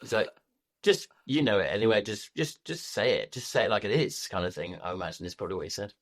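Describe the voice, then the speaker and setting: A man's voice: on the low side, lively intonation, fast talker. A man co-hosting a podcast, speaking casually in a hesitant, mild manner with many restarts. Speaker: podcast co-host. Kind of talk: casual chat.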